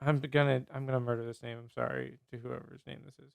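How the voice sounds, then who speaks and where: A man's voice: medium pitch, flat delivery, quick pace, creaky, clear, resonant tone, no room sound. A man hosting a podcast in casual chat, laid-back and joking, who stumbles over names. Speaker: podcast host.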